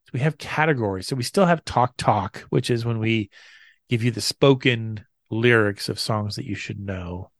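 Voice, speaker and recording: A man's voice: lowish voice, normal speed, dry recording, clean studio sound. A man co-hosting a podcast in casual chat, often stumbling and repeating words as he thinks. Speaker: podcast co-host.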